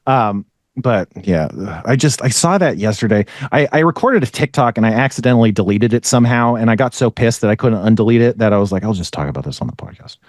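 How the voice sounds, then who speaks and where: A man's voice: mid-range voice, brisk, darkish tone, no echo, clean studio sound. A young man hosting a podcast, talking in a rambling, sarcastic way and swearing freely. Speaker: podcast host. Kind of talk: casual podcast chat.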